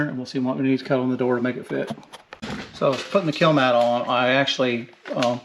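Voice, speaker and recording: A man casually narrating how he installs speakers in a van while he works, rambling and relaxed. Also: mid-range voice, slight background noise, rough recording. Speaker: car audio DIY hobbyist. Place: inside a van, working on a door. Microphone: handheld camera.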